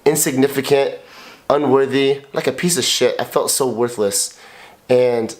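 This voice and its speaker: A man with a voice of ordinary pitch tells his story on a couple's podcast. He is blunt and emotional, swears freely and circles back over his own words. He speaks in a raw, confessional way. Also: unhurried. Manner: emotional and blunt, swears often, repeats himself. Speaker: podcast co-host, husband.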